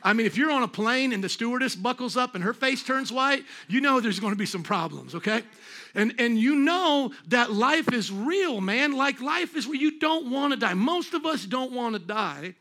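A man's voice: very high voice, expressive, moderate pace, sharp tone. A man preaching a sermon at a church service, talking in an emphatic, conversational way and throwing rhetorical questions at the congregation. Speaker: pastor.

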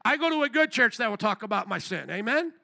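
A man's voice: high voice, very animated, quick pace, vocal fry, bright, forceful tone. A male pastor preaching a sermon emphatically and punchily, repeating phrases and calling for amens. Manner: emphatic and punchy, with many repetitions and calls for amen.

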